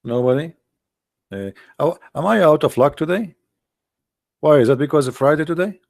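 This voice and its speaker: A livestream host fielding calls speaks briskly in a fairly high, animated voice with a darkish tone. In non-native English, he pokes fun at a religious debate with sarcastic, mocking rhetorical questions.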